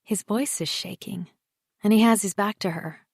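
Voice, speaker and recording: A woman narrating an audiobook in a quiet, measured voice that drops low on the speech tags. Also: creaky, slightly rough, no echo, clean studio sound. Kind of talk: scripted narration.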